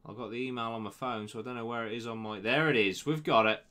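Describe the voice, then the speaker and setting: Young male host, casual and sweary, sarcastic banter, average pitch. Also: fairly even intonation, quick pace, bright, forceful tone. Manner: banter-heavy, sarcastic asides to the sender. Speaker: web show host reading listener emails. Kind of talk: casual swearing storytelling and email reading.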